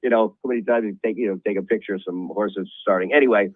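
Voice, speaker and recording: Man, middle-aged, halting storyteller, low-pitched, phone-line sound. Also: fairly even intonation, dry recording. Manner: rambling, halting, many restarts. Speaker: racing office guest. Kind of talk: storytelling on a radio call-in.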